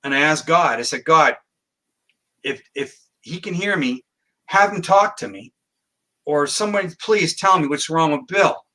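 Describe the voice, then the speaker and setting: A man's voice: a little high, normal speed, bright, forceful tone. A man telling a long personal story as a guest in a podcast interview, acting out quoted dialogue. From Canada. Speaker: guest psychic.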